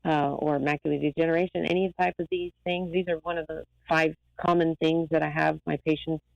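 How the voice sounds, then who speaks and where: A woman eye doctor talking as a guest in a lively, rambling, emphatic way. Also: sits low, a little fast, gravelly, no room sound, dull audio. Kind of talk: casual interview talk.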